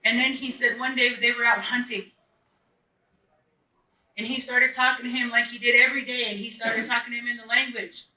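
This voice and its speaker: Bright, high-voiced man telling a story. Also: little pitch movement, brisk. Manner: earnest, repeats phrases for emphasis. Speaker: festival speaker. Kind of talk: personal storytelling talk. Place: stage at a live event. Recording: echoey, mic at a distance.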